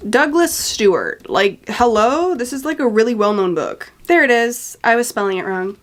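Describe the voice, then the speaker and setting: A woman's voice: on the high side, lively intonation, normal speed. A young woman chatting casually about books at home, rambling, swearing, and reading out blurbs. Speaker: book vlogger.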